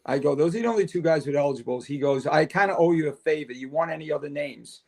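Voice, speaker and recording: Gravelly and fairly high in pitch, the voice belongs to an older retired fire chief talking fast as a podcast guest. Over a casual interview he tells lengthy stories with animation, voicing each character's lines.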